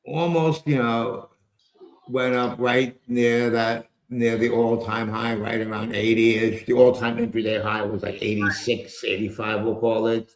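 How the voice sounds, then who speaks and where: Slow, gravelly man talking markets. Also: medium pitch, little pitch movement, roomy sound. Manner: rambling and wry, with loose asides and mild cursing. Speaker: trading show host. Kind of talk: casual market commentary on a live stream. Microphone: earpiece with a microphone.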